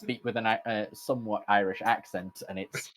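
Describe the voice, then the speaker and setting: A man's voice: lowish voice, fairly even intonation, normal speed, fairly bright tone. A man playing a tabletop game, chatting casually and explaining his character's rules. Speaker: player.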